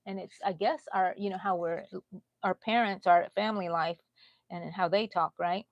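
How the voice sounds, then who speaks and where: A middle-aged Texan woman hosting a casual crochet livestream, chatty, laughing often and drifting into soft asides. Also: mid-range voice, fairly even intonation, moderate pace, no echo, highs cut off. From Texas. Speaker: crochet channel host.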